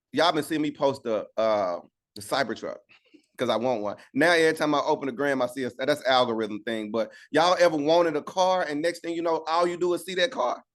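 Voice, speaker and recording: A man teaching an informal Bible study on a video call, talking conversationally and asking "right?" again and again. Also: a little high. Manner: conversational, repeats "right?" for agreement.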